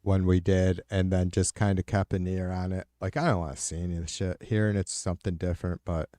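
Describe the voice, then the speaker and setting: A middle-aged man hosts a livestream and swears freely as he rambles through answers to his chat. His voice sits fairly low, with a warm, mellow tone. The sound is dry and close. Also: level tone, fairly quick, no echo. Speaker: livestream host. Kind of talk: casual chat with viewers.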